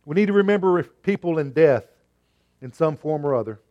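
A man's voice: a little high, expressive, moderate pace, dull audio. Earnest male pastor preaching. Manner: earnest, swings from emphatic to hushed. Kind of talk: sermon.

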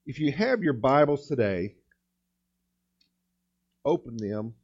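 A man's voice: mid-range voice, sing-song. Emphatic male pastor preaching, muffled sound. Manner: emphatic preaching, slows and rises on key words, frequent restarts. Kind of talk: sermon. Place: church sanctuary.

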